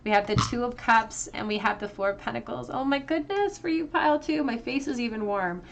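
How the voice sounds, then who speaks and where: A woman's voice: fairly high pitch, lively intonation, creaky, dull audio, a little hiss or hum. Earnest woman doing a tarot reading. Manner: earnest, emotional, halting with many fillers. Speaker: tarot reader.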